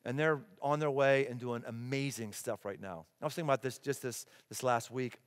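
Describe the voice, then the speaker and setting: A middle-aged man preaching a sermon as pastor, animated and emphatic, acting out the people he quotes. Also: medium pitch, brisk. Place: large church auditorium. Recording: long hall reverb.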